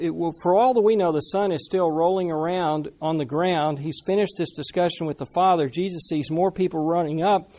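Man, pastor preaching, a bit high-pitched, conversational storytelling. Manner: conversational, animated storytelling with asides to the congregation. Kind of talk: sermon.

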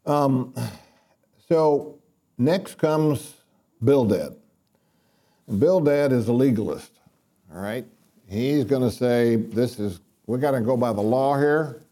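A man gives a casual Bible teaching before a live audience, reading scripture aloud and then explaining it in plain words. His voice is very dark and mellow, and he speaks at an unhurried, deliberate pace, with ums and restarts along the way. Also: mid-range voice.

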